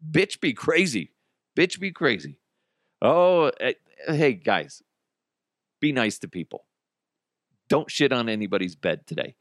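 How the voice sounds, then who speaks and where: A man's voice: medium pitch, no room sound, studio quality. A man hosting his own podcast, ranting casually and crudely with jokes and silly voices. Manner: crude, animated, jokey storytelling with put-on voices. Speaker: podcast host. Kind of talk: casual solo podcast rant.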